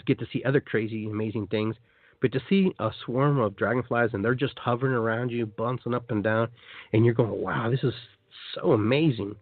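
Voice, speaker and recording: With a mid-range voice and no echo, though through a tinny phone line, this man hosts a live call-in radio show. As host and shamanic guide, he chats with enthusiasm and walks listeners through a meditation, repeating and restarting often.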